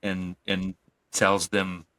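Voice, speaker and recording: A man co-hosting a movie podcast in a laid-back way, with casual swearing and short agreeing replies. His voice is fairly low, with a bright, forceful edge. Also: completely flat delivery, drawn-out words, poor audio. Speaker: podcast co-host. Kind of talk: casual movie review chat.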